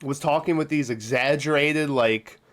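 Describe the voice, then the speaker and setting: A man's voice: a little high, moderate pace, a bit bright. A man hosting a casual movie review podcast, chatty and laughing often, swearing freely. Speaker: podcast host.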